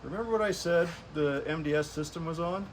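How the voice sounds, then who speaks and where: Folksy mechanic talking through an engine job. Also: male voice, on the high side, a little fast, a little hiss or hum. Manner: easygoing, folksy, explaining as he works. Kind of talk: casual shop talk to camera. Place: garage workshop.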